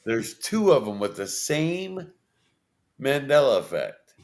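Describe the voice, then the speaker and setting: A man co-hosting a podcast about paranormal topics, chatting casually with deliberate, drawn-out phrasing. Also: medium pitch, sing-song, a little mellow. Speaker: podcast co-host. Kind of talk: casual chat.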